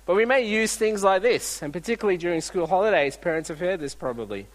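Male preacher, chatty storytelling sermon, slightly high voice, long hall echo. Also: expressive, quick pace, few pauses. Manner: conversational, storytelling with frequent restarts. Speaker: pastor. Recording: long reverb of a large hall.

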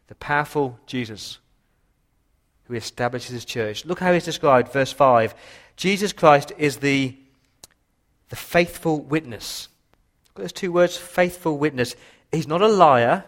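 A man preaching a sermon with passion, his voice rising for emphasis and dropping low for quiet points. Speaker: pastor.

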